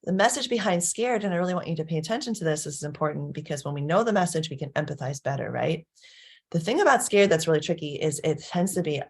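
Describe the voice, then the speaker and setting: Low-voiced woman coaching parents. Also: expressive, fast, husky. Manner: chatty, laughs often, checks in with "right?". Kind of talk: casual teaching talk.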